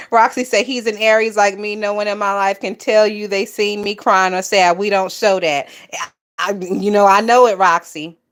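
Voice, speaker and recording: A woman's voice: mid-range voice, fairly even intonation, normal speed. A woman hosting a casual gossip livestream, reading viewer comments and laughing often. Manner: laughs often, loud and amused.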